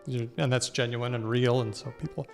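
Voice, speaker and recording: An Australian man, a podcast host, chatting in a lively, teacherly way with quick asides. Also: mid-range voice, vocal fry, soft background music. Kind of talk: casual conversation.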